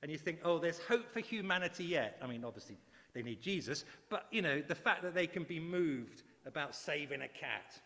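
A middle-aged man delivers a sermon in a church, his voice sitting a little high for a man. He tells stories with lively, excitable bursts. The sound rings with long reverb from the hall. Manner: warm, animated storytelling with sudden high excited bursts. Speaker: preacher.

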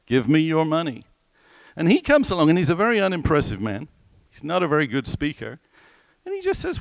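A man preaching a sermon in a conversational, animated way, asking the listeners questions and slowing down for scripture. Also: a little high, vocal fry, no echo. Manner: slows right down when quoting scripture.

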